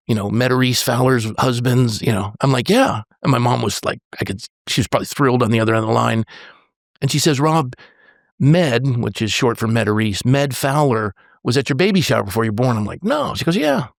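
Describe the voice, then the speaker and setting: Gravelly man telling his story. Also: medium pitch, no room sound, clean studio sound. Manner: earnest, halting, with frequent restarts and quoted dialogue. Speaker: pastor and podcast guest. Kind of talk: personal storytelling in a podcast conversation.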